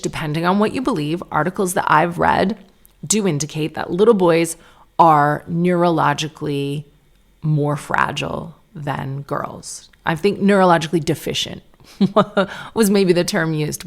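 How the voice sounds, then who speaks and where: A woman in her thirties hosts her own podcast and tells family stories in a loose, chatty monologue. Her voice sits low with a gravelly fry. She leans on "like" constantly and slips into little acted-out quotes of what people said. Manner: chatty, lots of "like", acts out quotes. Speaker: podcast host. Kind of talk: casual solo storytelling.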